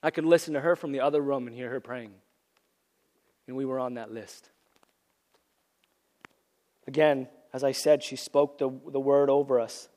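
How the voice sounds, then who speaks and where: Earnest preacher with a cold, big hall. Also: male voice, mid-range voice, steady tone, moderate pace, pauses often, warm tone. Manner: earnest, repeats phrases for emphasis. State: losing his voice from a cold. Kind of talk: sermon. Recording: long reverb of a large hall.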